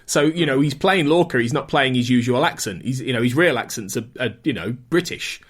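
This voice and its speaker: A man hosting a podcast, talking in a chatty, animated way with frequent restarts. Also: mid-range voice, brisk, breathy edge. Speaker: podcast host. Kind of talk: casual chat.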